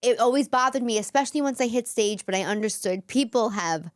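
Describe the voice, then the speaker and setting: A woman with a New York accent hosts a chatty talk show, quick with jokes and often breaking into laughter. Her voice sits a little high, and the close-miked sound is dry and free of room echo. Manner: animated and jokey, laughs often. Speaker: podcast host. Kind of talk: casual chat.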